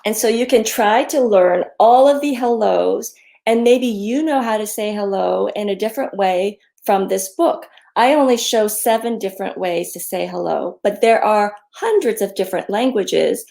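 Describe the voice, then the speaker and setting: A woman with a mid-range, gravelly voice reads her own picture book aloud to children. Her storytime manner is gentle and friendly, with many pauses and ums.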